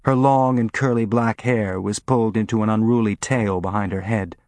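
A man narrating an audiobook in a steady, even reading voice on a close mic. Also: fairly low pitch, moderate pace, dry recording. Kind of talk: scripted narration.

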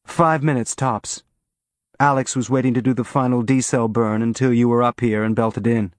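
A man's voice: mid-range voice, steady tone, normal speed, no echo, lightly acted. A man voicing a competent woman ship engineer who reports in a matter-of-fact way.

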